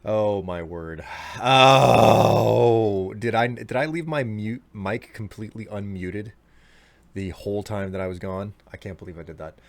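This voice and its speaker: A man's voice: on the low side, unhurried, vocal fry. A man streaming a game live, chatting casually to his viewers while congested from allergies. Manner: chatty, talks straight to his chat, self-mocking. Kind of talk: live gameplay commentary.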